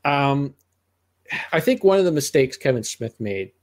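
In an unhurried, sing-song delivery, a middle-aged man with a medium-pitched, darkish voice talks movies as a podcast co-host. The review chat is casual and meandering, packed with restarts and asides.

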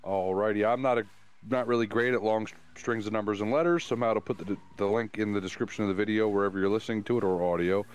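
A man's voice: lowish voice, fairly even intonation, smooth. A man co-hosting a casual podcast, telling long jokes with loose, rambling delivery. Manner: drawn-out joke telling with character voices. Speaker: podcast co-host.

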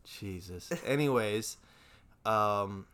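A man's voice: fairly low pitch, very slow, fairly bright tone, clear, resonant tone. A young man co-hosting a casual podcast, blunt and openly judgmental, swearing freely as he talks. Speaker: podcast co-host. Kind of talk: casual chat.

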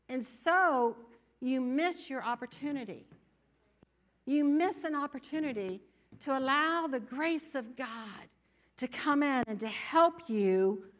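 A woman preaching a sermon in a church, animated and conversational, often acting out the doubts of her listeners. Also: a little high. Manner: animated, acts out inner voices.

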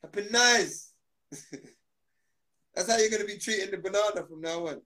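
A man holds forth in a playful interview, his voice sitting a bit high for a man. He jokes, laughs often and piles on slang, swinging from loud to hushed as he riffs. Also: normal speed, poor audio. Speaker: guest. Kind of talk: playful casual interview chat.

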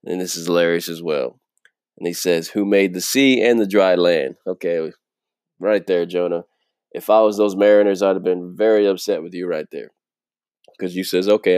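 A man's voice: low voice, a little mellow, no echo, studio quality. A man giving a casual Bible teaching, reading verses and explaining them in a conversational way, often laughing and checking in with "right?". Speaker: preacher.

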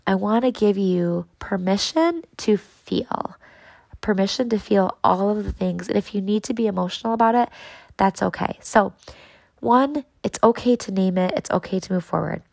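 Earnest woman podcast host, gravelly edge. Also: medium pitch, a little mellow, no room sound, low-quality recording. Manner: earnest, encouraging, speaks directly to listeners. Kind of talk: motivational podcast talk.

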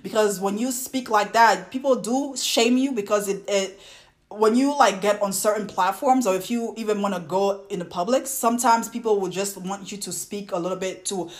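A woman's voice: mid-range voice, normal speed. Host, young woman, Ivorian French accent, exasperated rant, casual talk with fillers. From Côte d'Ivoire. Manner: exasperated, ranting with frequent fillers and restarts. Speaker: podcast host. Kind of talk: casual monologue to listeners.

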